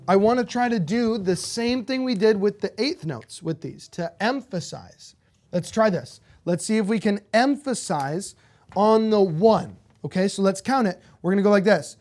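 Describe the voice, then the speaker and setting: An upbeat guitar teacher walks beginners through strumming patterns, counting "one e and a" aloud. The voice sits at a middle pitch and keeps checking in with "okay?". Clear acoustic guitar strumming runs underneath. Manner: encouraging, counts beats aloud, frequent "okay?". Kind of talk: beginner music lesson.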